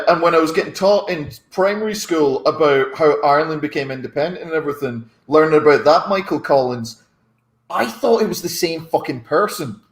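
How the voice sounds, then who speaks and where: Stumbling male storyteller in a roomy echo. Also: a little high. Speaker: comedian. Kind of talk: casual anecdote.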